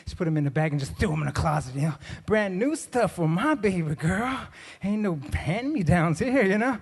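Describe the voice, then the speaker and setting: A middle-aged male comedian works the room with animated stories, acting out every part of each exchange himself. His voice sits a little high for a man. The sound rings with the long reverb of a large hall. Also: a little fast, breathy edge. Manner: animated storytelling, acts out both sides of dialogues. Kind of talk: stand-up comedy. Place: conference hall.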